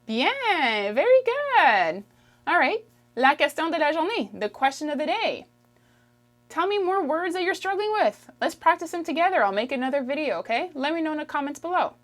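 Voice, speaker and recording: A woman from Quebec with a Québécois accent, teaching in an upbeat way and slowing down to model each word for the viewer to repeat. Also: high-pitched, expressive. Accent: Québécois French. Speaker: French teacher. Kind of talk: online language lesson.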